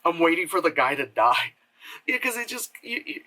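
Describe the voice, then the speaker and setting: Guy rambling thru a film review at home, lots of likes and you knows, bright kinda tense voice. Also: a little high, very animated, moderate pace, low-quality recording. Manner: rambling, filler-heavy, acts out quotes in mocking voices. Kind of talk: casual spoken film review. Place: home room with air purifier hum.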